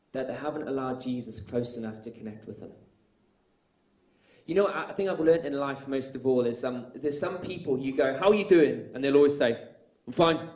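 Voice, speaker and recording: A man preaching a sermon, telling stories earnestly and rising to loud, emphatic peaks. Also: medium pitch. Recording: echoey room.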